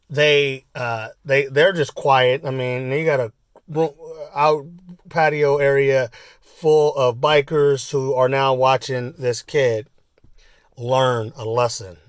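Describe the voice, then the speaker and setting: A man in his forties telling a personal story in a casual, rambling way, full of fillers and asides, and getting animated as he acts it out. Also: mid-range voice, no echo, clean studio sound. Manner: animated when acting out the story. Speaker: vlogger.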